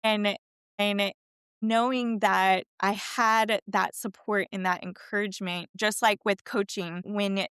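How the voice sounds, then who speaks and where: Middle-aged woman coach telling stories, animated, does little voices, clean dry sound. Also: medium pitch, slow, clean tone, no echo. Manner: chatty, animated, acts out quoted voices. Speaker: fitness and wellness coach. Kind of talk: casual storytelling interview.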